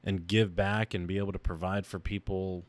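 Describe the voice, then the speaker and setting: Man in an emotional, halting podcast monologue. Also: low voice, flat delivery, no room sound. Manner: raw, emotional, halting with restarts. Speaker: podcast host. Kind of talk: personal reflective monologue.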